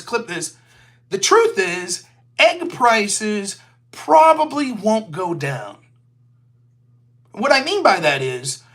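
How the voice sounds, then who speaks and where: A man's voice: sits high, pushed and bright. A man hosting a solo political commentary show, sarcastic and mocking, who slips into silly voices to mimic his opponents. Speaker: show host.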